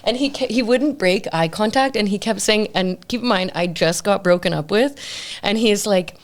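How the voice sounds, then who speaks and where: A woman's voice: medium pitch, normal speed. A woman hosting a podcast, telling personal stories in casual chat and laughing often as she talks. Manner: laughing, animated storyteller. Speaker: podcast host.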